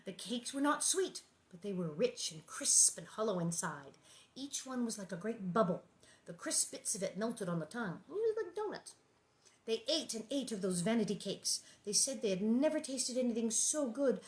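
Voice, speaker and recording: A woman hosting a read-aloud of a children's book, narrating and breaking off for chatty, amused asides. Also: medium pitch.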